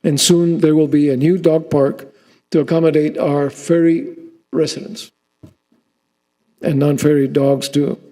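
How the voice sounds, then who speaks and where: Mellow-voiced mayor giving a formal address. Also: male voice, fairly high pitch, little pitch movement, unhurried, pauses often. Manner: reads a prepared speech, with restarts and ad-libbed asides. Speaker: city mayor.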